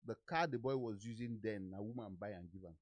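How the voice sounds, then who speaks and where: A man's voice: lowish voice, brisk, dry recording. Nigerian man telling stories. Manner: lively anecdotes, acting out quoted people. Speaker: podcast host. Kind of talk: casual storytelling chat.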